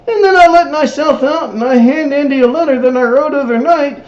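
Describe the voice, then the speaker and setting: A man hosting a TV episode recap, telling it in character in an excitable, emphatic way. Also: very high voice, fairly quick, few pauses. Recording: roomy, dull lo-fi recording.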